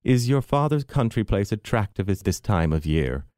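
A man's voice: lowish voice, sing-song, moderate pace, darkish tone, no room sound, studio quality. Man doing a melodramatic self-pitying mother. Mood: arch. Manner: arch, mannered, melodramatic. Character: theatrical, self-pitying aging mother, bitter.

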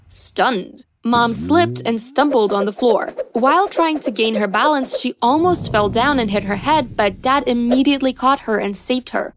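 A woman reading a scripted first-person story with steady storytelling delivery. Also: a little high, background noise. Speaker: story narrator.

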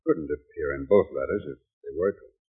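Deep-voiced businesslike police sergeant. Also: male voice, sing-song, moderate pace, gravelly, slightly rough, heavily acted. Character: matter-of-fact male police sergeant. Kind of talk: 1940s radio acting. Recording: tinny old radio broadcast.

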